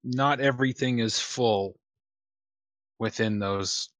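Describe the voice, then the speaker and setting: A man's voice: medium pitch, takes it slowly, a bit bright, no room sound. A man chatting loosely while playing a tabletop game on a live stream, rambling with many fillers and some swearing. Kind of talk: casual streamed game chat.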